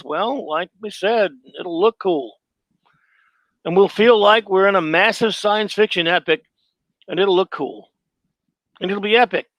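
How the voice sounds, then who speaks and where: A man's voice: high-pitched, a bit bright, dry recording, rough recording. A man hosting a live stream, reading his own film review aloud in a sarcastic, rambling, self-mocking way.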